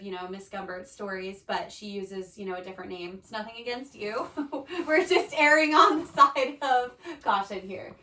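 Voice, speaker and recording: A woman's voice: mid-range voice, a bit bright. A woman hosting a podcast in casual chat, chatty and teasing, laughing often with her guest. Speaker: podcast host. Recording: roomy, a bit far from the mic.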